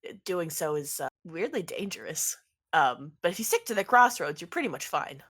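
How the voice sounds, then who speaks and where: Woman voicing a pizza-obsessed man, pleading, insistent, bright tone. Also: fairly low pitch, lively intonation, normal speed, slightly rough. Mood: earnest. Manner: pleading and insistent, eager to please. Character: pushy, pizza-obsessed man running a party.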